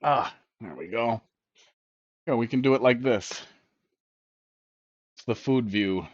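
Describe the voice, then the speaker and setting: A man's voice: medium pitch, slow, no echo. A man hosting a casual cooking live stream, chatting bluntly and profanely while he eats, heard on dull lo-fi stream audio.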